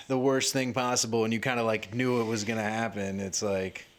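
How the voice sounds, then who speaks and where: A man who does stand-up comedy, chatting casually on a podcast, rambling with lots of fillers and jumping into animated quoted voices. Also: moderate pace. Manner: rambling, filler-heavy, acts out quotes with rising pitch.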